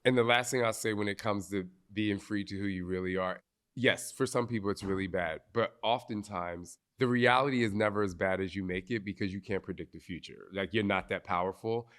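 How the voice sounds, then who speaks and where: Guy hosting a live podcast, low voice, blunt and sweary. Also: fairly quick, a bit bright. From New Jersey. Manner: blunt, emphatic, swears freely. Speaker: podcast host.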